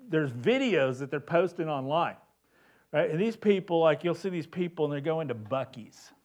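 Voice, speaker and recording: A male pastor preaches in a relaxed, talky style and often doubles his words as he works toward a point. His voice sits slightly high for a man, and his pace is slow and unhurried. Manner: conversational, repeats words while building a point. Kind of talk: sermon.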